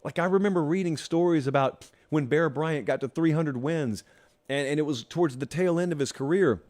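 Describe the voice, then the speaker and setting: A man hosting a sports talk show, talking straight to his viewers in an animated, sarcastic monologue. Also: fairly high pitch, a little fast. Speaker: host.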